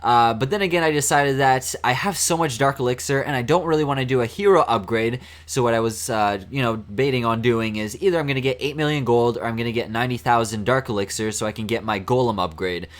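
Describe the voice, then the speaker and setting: Raspy-voiced young man narrating gameplay. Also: mid-range voice, fast, hardly any pauses. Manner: chatty, laughs often, many fillers. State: hoarse, raspy voice today. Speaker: gaming commentator. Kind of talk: casual gameplay commentary. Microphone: desk microphone.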